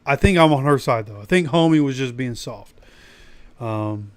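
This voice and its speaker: A man's voice: medium pitch, lively intonation, moderate pace, clear, resonant tone, no room sound. A man hosting a fan livestream, ranting animatedly and preaching straight at his viewers, his voice still recovering after he lost it. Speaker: fan channel host. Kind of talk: casual livestream rant.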